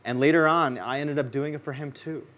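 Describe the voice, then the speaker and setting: A man preaching a sermon in a relaxed, conversational way, telling personal stories and acting out what people said in them. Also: a little high, fairly quick. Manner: casual, conversational storytelling; acts out quoted lines in his stories. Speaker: pastor. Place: church.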